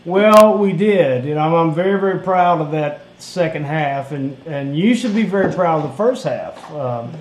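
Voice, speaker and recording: A man co-hosting a casual live stream, telling stories with animated bursts. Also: on the high side, moderate pace, hardly any pauses. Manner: animated storyteller, excited bursts. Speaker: podcast co-host. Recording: echoey room with faint hiss.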